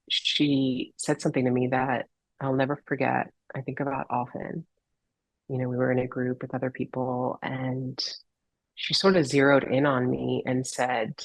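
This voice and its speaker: A holistic healer appears as a guest on a podcast, and her voice is bass and gravelly, captured in a dry, rough recording. She tells a heartfelt personal story earnestly and reflectively, sometimes pausing to search for her words.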